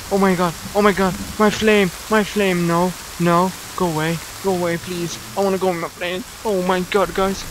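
Speaking at a moderate pace with hardly any pauses, a young man with a high voice that barely moves in pitch narrates a horror game against a noisy background. The Slovenian-accented YouTuber sounds frightened, panicky and jumpy, cursing and repeating himself.

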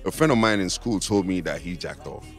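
Young man, from Nigeria, very low voice, candid, laughing storyteller, podcast guest, faint music behind. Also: expressive, fairly quick. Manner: candid, laughing, acts out his own past thoughts. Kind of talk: casual podcast chat.

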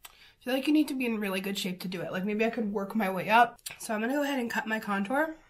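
A woman's voice: fairly high pitch, quick pace. A woman beauty vlogger with a sniffly nose, chatting casually through a makeup tutorial in a gushing way. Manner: gushing, chatty, lots of fillers and exclamations.

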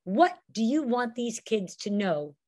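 Animated woman storyteller as podcast guest, expressive delivery, fairly high pitch. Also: a little slow, noisy background. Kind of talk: lively podcast interview.

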